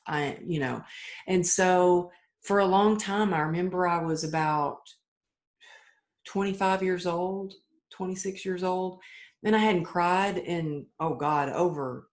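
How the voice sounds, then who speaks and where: A woman's voice: deep voice, creaky. A middle-aged woman, a podcast guest, telling her story candidly and earnestly, often restarting her sentences. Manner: earnest and open, with frequent restarts and acted-out quotes.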